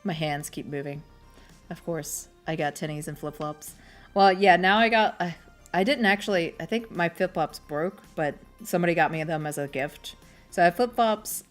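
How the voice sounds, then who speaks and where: Chatty, rambling woman streamer with a low voice. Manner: rambling, chatty, self-deprecating. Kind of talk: casual chat while crocheting.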